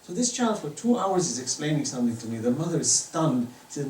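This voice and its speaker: With a fairly high, sing-song voice and quick pace, an Islamic lecturer gives a fervent talk at a private residence, pairing stories with moral teaching and shifting volume widely. The room echoes, he sounds distant, and there's faint noise.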